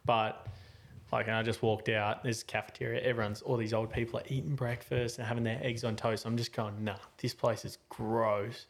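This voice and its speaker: A man in his twenties hosts a podcast, telling a story in a rambling, slangy way full of fillers and restarts. He speaks briskly in a mid-range voice with vocal fry, animated, his voice jumping up and down with the story.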